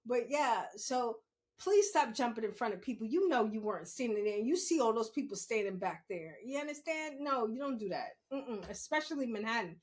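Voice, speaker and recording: Middle-aged New woman, high voice, chatty storyteller who laughs often and acts out quotes. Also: lively intonation, a little fast, darkish tone. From New York City. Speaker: podcast host. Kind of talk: casual storytelling monologue.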